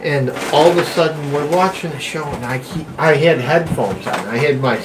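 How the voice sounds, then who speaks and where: A man's voice: fairly high pitch, moderate pace. A man casually telling a rambling, swearing story in a room at home, recorded from a distance. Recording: roomy, distant mic with clear background noise.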